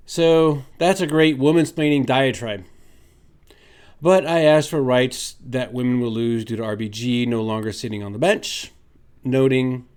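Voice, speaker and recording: Rich: A man talking straight to his viewers in a commentary vlog, his voice sitting at an everyday middle pitch. He rants with heavy sarcasm, pressing hard on his points and arguing them out one by one. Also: a little mellow, clean tone. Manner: sarcastic, ranting; emphatic, argumentative. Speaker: vlogger.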